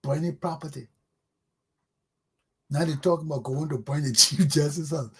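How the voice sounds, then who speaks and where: A man's voice: on the high side, normal speed, creaky, pauses often, slight background noise. A middle-aged man with a Liberian accent, hosting a talk show with blunt, scolding political commentary.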